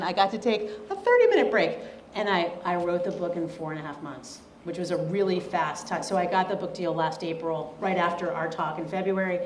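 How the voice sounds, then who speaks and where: A woman author answering audience questions after a lecture, chatty and animated, laughing easily, in an echoey hall. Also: fairly low pitch, a little hiss or hum. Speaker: author and guest speaker.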